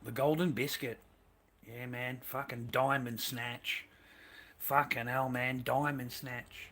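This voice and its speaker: Bright-voiced man, crude and profane. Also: medium pitch, fairly even intonation, slow. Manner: profane, blunt and laughing. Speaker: streamer. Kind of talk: crude casual livestream chat.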